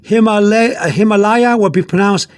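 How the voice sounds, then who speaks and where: A man with a high voice gives a loose, unscripted video lesson. He rambles and stops often on fillers, says the same words twice, and slows right down to sound out foreign words. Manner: spells out Spanish words slowly. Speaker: Spanish teacher.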